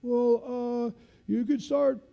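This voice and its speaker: A man's voice: very high-pitched, steady tone, takes it slowly, vocal fry, in a large hall, highs cut off, soft background music, pitched above the performer's own voice, heavily acted. A man acting out a hesitant male navy medic who mumbles and hedges with fillers.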